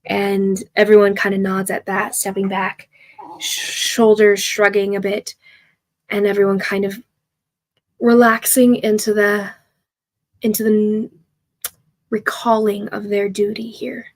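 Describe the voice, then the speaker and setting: Gravelly, slow woman narrating a game. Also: medium pitch, level tone. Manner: halting narration with frequent fillers and restarts. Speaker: game master.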